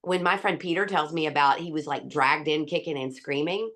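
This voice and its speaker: A woman's voice: sits low, fairly quick, fairly bright tone. A woman doctor speaking as a guest in an interview, candid and emphatic, laughing easily. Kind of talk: conversational interview.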